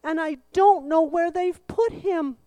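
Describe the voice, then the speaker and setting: A woman's voice: extremely high pitch, measured pace, warm tone, dry recording, pitched above the performer's own voice. A woman voicing a grieving young woman who pleads tearfully while searching for her lost teacher. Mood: pleading.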